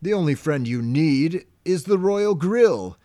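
A man voicing an arrogant male sea king god, loud and disdainful. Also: a little high, expressive, takes it slowly, voice pushed up.

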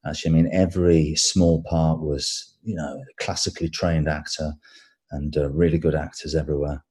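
A man with an English accent, an actor being interviewed, talking in a relaxed way with fillers and repeated words. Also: a bass voice, normal speed. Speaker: actor guest. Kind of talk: casual interview chat.

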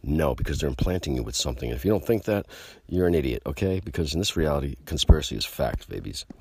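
Man with an extremely deep voice, husky, rambling profane vlog rant, emphatic. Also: sing-song, fast talker, a little mellow. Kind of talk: casual rant to camera.

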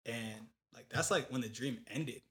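A young man in casual chat, telling a long story in animated, slangy talk with lots of fillers. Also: medium pitch, measured pace.

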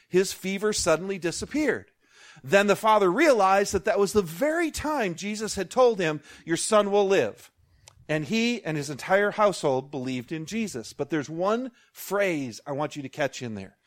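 A man preaching a sermon as pastor, animated, with jokey asides and call-outs to the congregation. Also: high voice, moderate pace.

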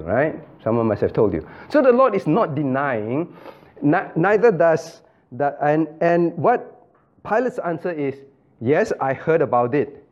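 A male pastor leads a Bible study, his fairly high voice swinging widely in pitch as he questions listeners by name. He repeats key phrases and slips into the voices of the people he quotes. The recording is muffled and lo-fi. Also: a little mellow. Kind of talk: interactive Bible study teaching.

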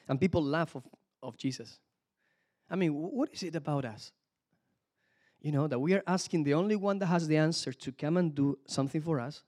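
A man preaching a sermon, animated, calling out hallelujah and praise the Lord between points. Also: a little high, fairly quick. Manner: animated, exclamations of hallelujah, some restarts.

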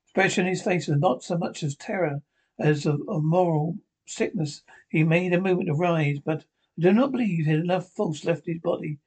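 A man's voice: a little high, fairly quick, darkish tone, breathy edge. A man reading a classic adventure novel aloud in an unpolished way, with frequent slips and restarts. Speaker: reader.

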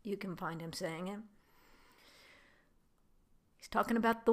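A woman muses aloud in a casual commentary. She rambles and hesitates, with plenty of fillers and restarts. Her dry, wry humor runs underneath, in a voice of middling pitch. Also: measured pace, pauses often.

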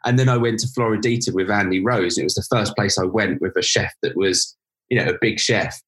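A man hosting a podcast in casual chat, animated and acting out quotes. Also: fairly quick. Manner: animated, acts out quotes in high voices. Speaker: podcast host.

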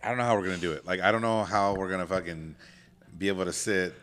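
A man with a very low voice who talks quickly. He chats in a laid-back, offhand way on a podcast, dropping casual swears. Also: fairly even intonation, a bit bright. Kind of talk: casual chat.

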